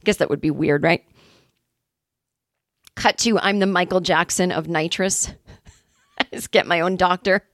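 A woman's voice: on the low side, a little slow, long pauses, dry recording, clean studio sound. A woman hosting a comedy podcast, telling a rambling, self-deprecating story and speaking openly about her anxiety in a casual way.

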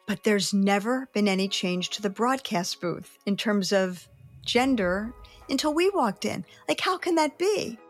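A middle-aged woman, a veteran sports reporter, telling candid stories from her career in an interview. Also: mid-range voice. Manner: candid, animated storytelling. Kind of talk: interview storytelling.

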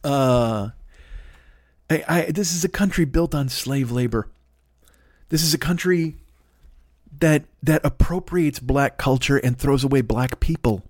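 A man's voice: mid-range voice, a little slow, long pauses, dry recording, clean studio sound. A man in his forties hosting a podcast, ranting in a profane, rambling comedic monologue. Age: 40s. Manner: profane, rambling, exasperated rant. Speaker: podcast host.

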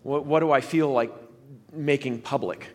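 A man's voice: medium pitch, moderate pace. A man who is a scientist, a guest on a podcast, talking thoughtfully and rambling with many restarts. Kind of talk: casual podcast conversation.

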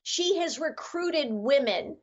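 A high-pitched woman from upstate New York talks as an interview guest. She is measured and full of praise, with a few filler pauses. Her remote line sounds dull and lo-fi. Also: expressive. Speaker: guest, former congresswoman. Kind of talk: political interview.

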